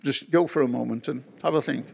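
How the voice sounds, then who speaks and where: A man preaching a sermon at a church gathering, telling personal stories in an unhurried way and repeating phrases for weight. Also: medium pitch, creaky, music in the background. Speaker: pastor.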